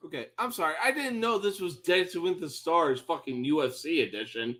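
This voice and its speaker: A man commentating a fight on a live stream, swearing and yelling at the fighters in exasperation. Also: fairly high pitch, animated, a little fast, hardly any pauses.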